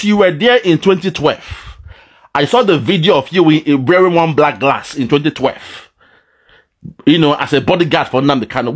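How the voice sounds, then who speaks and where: A man giving an impassioned commentary, swinging between loud outbursts and low, mournful asides. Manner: dramatic, swings between shouting and low lament. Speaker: political commentator. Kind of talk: impassioned monologue.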